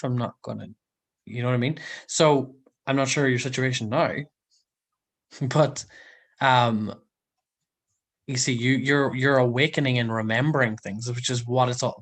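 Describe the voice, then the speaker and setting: Chatty live host, giggles a lot, lots of ums, mid pitch. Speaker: livestream host. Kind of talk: casual live chat reading viewer comments.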